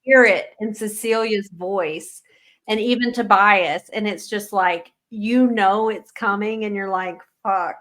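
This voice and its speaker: A woman's voice: medium pitch, a little slow, hardly any pauses, fairly bright tone. A woman co-hosting a casual book-chat podcast, emotional and laughing often, swearing freely. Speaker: podcast co-host.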